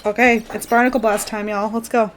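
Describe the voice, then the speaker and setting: A woman's voice: a little high, level tone, a little fast, a little hiss or hum. A woman streamer giving bubbly, giggly live commentary while playing a game. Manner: bubbly, giggly, says y'all.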